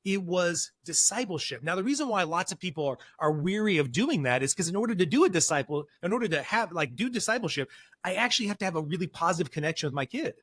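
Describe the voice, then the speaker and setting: Middle-aged man, counselor guest; slightly high voice, emphatic, acts out dialogue, dry close mic. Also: lively intonation, fast talker, fairly bright tone, no room sound. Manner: earnest, emphatic, acts out dialogue while storytelling. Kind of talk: podcast interview.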